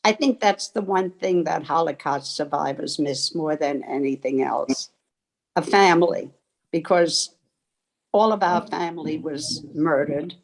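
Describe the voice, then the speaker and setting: An older woman from Germany telling her life story in a slow, reflective, heartfelt way over a video call. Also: deep voice, creaky, rough recording. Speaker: interviewee. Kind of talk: personal storytelling.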